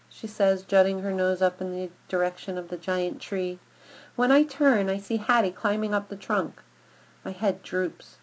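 A woman giving lively, expressive first-person narration of a children's story. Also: mid-range voice, measured pace, lo-fi sound. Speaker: audiobook narrator.

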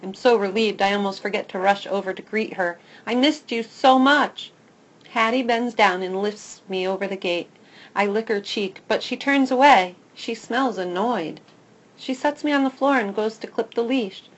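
A woman narrating a first-person children's story in a lively, expressive way. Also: medium pitch, normal speed, rough recording. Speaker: audiobook narrator.

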